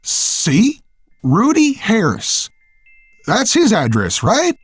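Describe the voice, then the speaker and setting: A man's voice: high-pitched, wildly swooping pitch, very slow, slightly rough, no echo, pitched above the performer's own voice, full character voice. Smug cocky killer boyfriend, as a male narrator puts him on.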